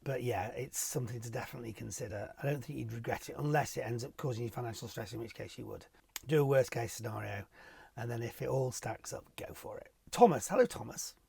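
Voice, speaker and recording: A man's voice: medium pitch, fast talker, gravelly, dark tone, husky, no echo. A middle-aged man from Warrington, England, a TV property presenter answering viewer questions in a chatty, rambling, self-deprecating way from his home office. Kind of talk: casual to-camera Q&A.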